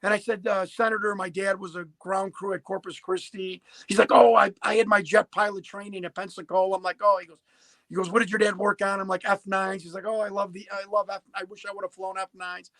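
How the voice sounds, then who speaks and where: Emphatic high-voiced man in his fifties. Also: flat delivery, fairly quick, bright, forceful tone, dry recording, rough recording. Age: 50s. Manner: emphatic, repeats and restarts words. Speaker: podcast guest. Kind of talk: animated storytelling.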